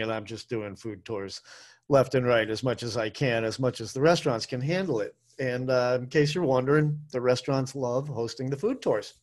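A man hosting a solo podcast, talking in a chatty, rambling, self-deprecating way with plenty of fillers. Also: mid-range voice. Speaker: podcast and radio host, food tour guide. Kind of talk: casual solo podcast monologue.

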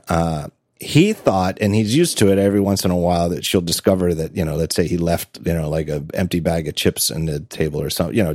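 A middle-aged man talking in a casual podcast chat, animated and laughing often, with halting restarts. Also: sits low, no echo, clean studio sound. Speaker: podcast guest.

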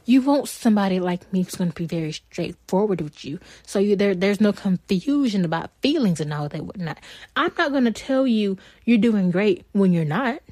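A woman's voice: medium pitch, expressive, normal speed, darkish tone, no echo. A young woman, bluntly and heatedly telling a story on a casual podcast, swearing freely. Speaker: podcast co-host.

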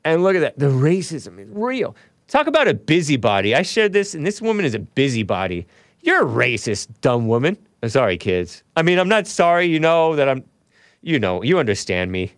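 A man's voice: a little high, sing-song, a little fast, dry recording. Sarcastic male host, solo commentary, dry close-mic studio sound. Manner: sarcastic, mocking asides, laughs at own remarks. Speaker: talk show host. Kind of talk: solo commentary, reading news aloud with asides.

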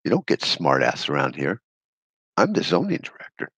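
A man's voice: a bass voice, huge pitch swings, moderate pace, a bit bright, husky, no room sound, exaggerated voice. A man voicing a smug male zoning director who scolds and threatens, swearing as he lays down the law. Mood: smug scolding. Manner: condescending, threatening, profane.

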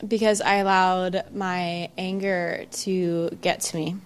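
A woman with a fairly low voice answers personal questions. She speaks hesitantly and softly, pausing on fillers as she searches for words. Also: level tone, clean tone. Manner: hesitant, soft, full of fillers. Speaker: guest being counseled. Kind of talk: casual conversation.

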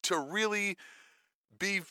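A man's voice: sits high, slow pace, clear, resonant tone, no room sound, studio quality. A man co-hosting a podcast in casual, profane chat, often tagging his points with "right?". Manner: animated, profane, punctuates with "right?". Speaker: podcast co-host.

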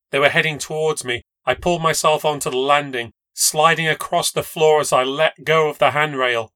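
A man's voice: fairly high pitch, bright, forceful tone, dry recording. A man narrating a first-person ghost story with a tense, dramatic delivery. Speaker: podcast narrator.

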